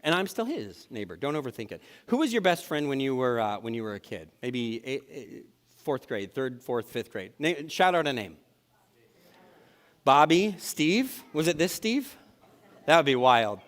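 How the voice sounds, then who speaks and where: A pastor telling a story in a casual, self-deprecating way during a sermon. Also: male voice, on the high side, big pitch swings, moderate pace. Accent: Upper Midwest American. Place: church sanctuary. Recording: live church sermon with hall reverb.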